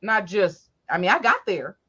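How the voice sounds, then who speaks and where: A woman host telling family stories in a casual, profane, animated way, jumping up high when she acts out quotes. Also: normal speed, husky, dull audio. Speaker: podcast host. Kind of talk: casual storytelling chat.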